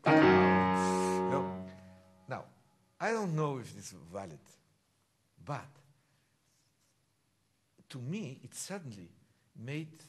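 A man's voice: fairly low pitch, slight background noise. An older man teaching a piano masterclass, explaining at length and singing phrases aloud to his student. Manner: animated, sings phrases and shouts encouragement. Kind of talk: masterclass coaching.

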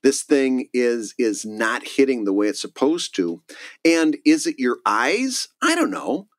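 A man's voice: mid-range voice, very animated, unhurried, no echo. A man co-hosting a casual podcast, giving emphatic advice and laughing often. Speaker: podcast co-host, cartoonist.

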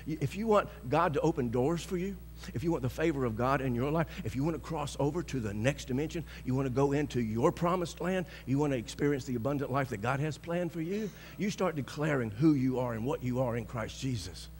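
A male pastor preaching a sermon, telling a story with lots of chuckles and shouting out bold declarations. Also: mid-range voice, lively intonation, fairly quick, big-room sound, slight background noise.

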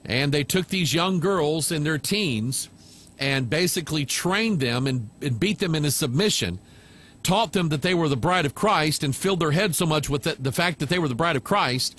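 A man preaching a sermon, telling stories in an animated way with asides to the congregation. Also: a little high, normal speed. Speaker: pastor.

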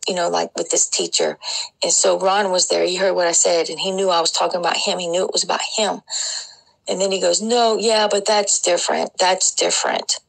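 A woman with a low, gravelly voice tells her dreams in a loose, rambling way. She keeps restarting and wandering into asides as she goes. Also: low-quality recording. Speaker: Christian dream sharer. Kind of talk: casual storytelling of dreams.

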